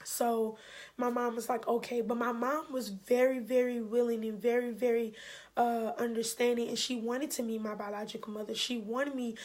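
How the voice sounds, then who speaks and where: A woman, telling a personal story in a candid, animated way and voicing the people she quotes. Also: a little high, normal speed. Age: 20s. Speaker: vlogger. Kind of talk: emotional storytime.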